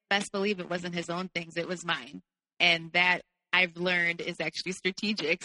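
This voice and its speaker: A young woman with a bright, forward voice tells her own story as a podcast guest, candid and loose, with lots of fillers. The mic is dry and close, yet a long reverb tail trails behind her words. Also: fairly low pitch. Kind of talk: casual personal storytelling.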